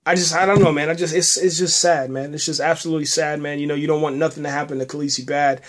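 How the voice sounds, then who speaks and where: Halting man recapping a TV episode. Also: a little high, flat delivery. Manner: halting, many restarts, says "man" often. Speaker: podcast host reviewing a TV episode. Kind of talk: casual spoken review.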